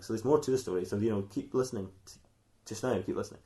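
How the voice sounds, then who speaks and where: A man's voice: on the low side, very fast, warm tone. A man co-hosting a comedy podcast, telling a silly fan fiction story in a rambling way and laughing often at his own jokes.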